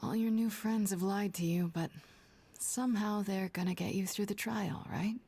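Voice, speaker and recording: A husky, sardonic young heroine. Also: female voice, mid-range voice, fairly even intonation, normal speed, dark tone. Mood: weary. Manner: dry, sardonic. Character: weary, wry young woman heroine. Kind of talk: video game voice acting.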